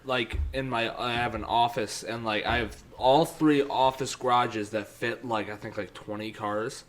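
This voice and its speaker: A man's voice: mid-range voice, steady tone, measured pace. A young man co-hosting a podcast, rambling and swearing through stories with frequent laughter. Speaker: podcast co-host. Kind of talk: casual chat.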